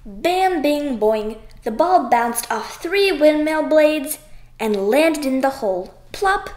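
A woman reading a children's picture book aloud, expressive and sing-song. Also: high voice, takes it slowly, reverberant. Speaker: audiobook reader. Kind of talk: children's story read aloud.

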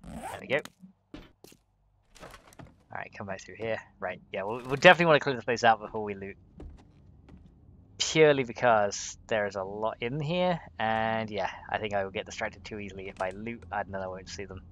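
A young man giving a let's play commentary, chatting as he plays with sudden excited exclamations. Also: fairly low pitch, normal speed, pauses often. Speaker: gaming video host. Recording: game sounds with insect buzz behind.

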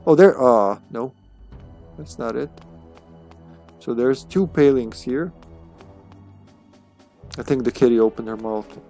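A man's voice: medium pitch, slow, pauses often, mellow, faint music behind. A man streaming a video game, chatting casually and playfully, often laughing at himself. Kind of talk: casual gameplay commentary.

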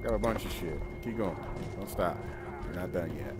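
A man streaming a video game, giving blunt, profane, excitable play-by-play commentary. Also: low-pitched, moderate pace. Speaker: gaming streamer. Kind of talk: casual let's-play commentary. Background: game music.

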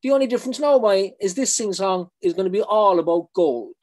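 A man's voice: high voice, lively intonation, brisk, darkish tone, pitched above the performer's own voice. A man performing a poem as a boisterous Cork man cheering two rowing champions, in a strong Cork accent, rowdy and sing-song.

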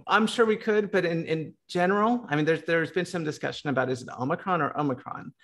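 A man's voice: fairly high pitch, lively intonation, fast. An American man on a discussion panel, talking casually with many ums, likes and restarts. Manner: lots of filler words and restarts.

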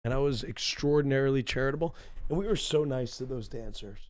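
A man's voice: medium pitch, fast, darkish tone. A drunk man chatting on a podcast, rambling, repeating himself and sounding giddy. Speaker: podcast guest. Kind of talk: casual podcast chat.

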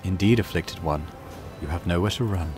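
A man voicing a serene, creepy mutant cult priest in a video game, with a low murmuring delivery. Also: moderate pace, darkish tone, soft background music, close to an everyday voice. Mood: menacing. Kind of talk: reading game dialogue aloud.

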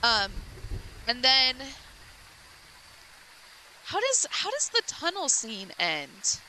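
A woman's voice: high-pitched, wildly swooping pitch, extremely slow, bright, forceful tone, slight background noise, rough recording. A woman streamer casually retelling a game's story, rambling with lots of likes and restarts.

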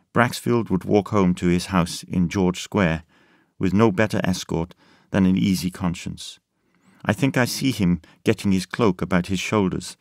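A man narrating an audiobook in a measured, deliberate scripted reading. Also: sits low, creaky, no echo, clean studio sound.

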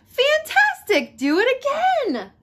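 Woman doing a bright, bold storybook princess. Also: very high-pitched, measured pace, slight background noise, pitched above the performer's own voice. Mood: eager. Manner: eager, exclaiming. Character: bold clever young princess. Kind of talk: storybook read-aloud.

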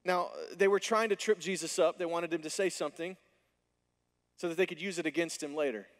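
A man preaching a sermon from a church stage, his voice sitting a little high for a man. He tells the story with lively animation and slips into the characters' lines. His words ring out with a long reverb from the hall. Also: a little fast. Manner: animated storytelling, acting out dialogue. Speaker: pastor.

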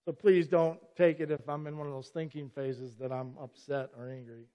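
A man's voice: a little high, steady tone, normal speed, warm tone. A middle-aged man preaching a sermon as pastor, earnest and emphatic, often cutting in with "listen" to press a point. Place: church sanctuary. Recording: long church reverb.

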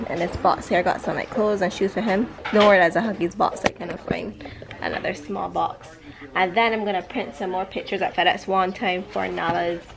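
A woman's voice: mid-range voice, low-quality recording. A woman and mother talking casually in a vlog, chatty and loose with fillers. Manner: playful sing-song when counting with her baby. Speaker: mother and vlogger.

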